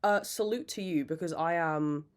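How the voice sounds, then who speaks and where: Chatty young woman rambling. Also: sits low. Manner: rambling and animated, swearing freely; self-mocking, quick to laugh. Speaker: podcast host. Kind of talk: casual chat.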